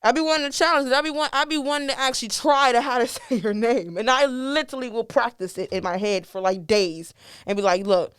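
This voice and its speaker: A woman's voice: on the high side, fast, smooth, dry recording, clean studio sound. A young woman from the DMV area hosting a podcast in a casual, chatty way, laughing often. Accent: American, DMV area. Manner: chatty, laughs often, lively swings in loudness. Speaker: podcast host. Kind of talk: casual chat.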